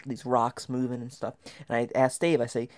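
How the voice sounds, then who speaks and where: A man telling a comic, mock-terrifying story from his past, dropping to whispers and then rising into loud, frantic bursts. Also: mid-range voice, level tone, normal speed, a little hiss or hum. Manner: dramatic, dropping to whispers and rising to near shouts.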